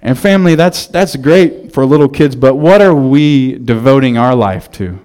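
A man in his thirties preaching a sermon as pastor, telling stories in a relaxed, conversational way with frequent restarts. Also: mid-range voice, moderate pace.

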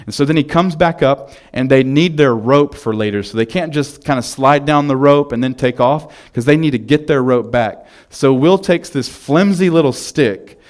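Man, pastor, casual sermon, storytelling, fillers, medium pitch. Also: normal speed, few pauses. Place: church.

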